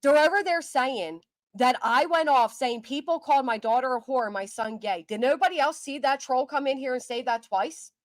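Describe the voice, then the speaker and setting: A woman's voice: sits high, moderate pace, dry recording. Indignant woman ranting on a livestream. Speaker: livestream host. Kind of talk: casual livestream chat.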